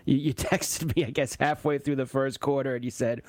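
A man's voice: medium pitch, fairly even intonation, a little fast, no echo. A man hosting a sports radio show, talking in an emphatic, mocking way and repeating himself.

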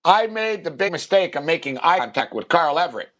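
A man's voice: fairly high pitch, brisk. Rambling, chatty man telling a story. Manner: rambling, filler-heavy, animated impressions in quotes. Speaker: radio show host. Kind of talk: casual storytelling chat.

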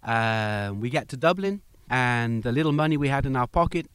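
Man, guest, animated storyteller, acts out quotes, mid pitch, dry sound. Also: moderate pace, clean tone, dry recording. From United Kingdom. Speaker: interview guest. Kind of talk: storytelling in a conversation.

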